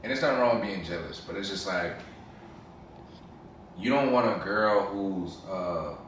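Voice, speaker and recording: Deep-voiced man, slangy, far off in an echoey room. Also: a little slow, fairly bright tone, a little hiss or hum. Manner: slangy, stammers on repeated words. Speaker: host. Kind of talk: casual, explicit chat.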